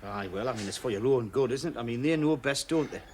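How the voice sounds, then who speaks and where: A man's voice: medium pitch, fast, a little mellow, a little hiss or hum, lightly acted. An actor playing a friendly working man from northeast England with a Northeast English accent, coaxing and chatty. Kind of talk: television drama acting.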